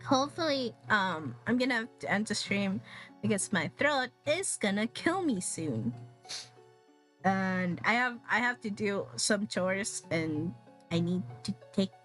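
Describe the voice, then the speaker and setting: Young woman streamer, slow-talking with a higher voice, rambling and cursing, faint music underneath. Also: lively intonation, fairly bright tone. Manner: rambling, swears a lot, laughs often. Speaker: VTuber streamer. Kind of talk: casual stream chat.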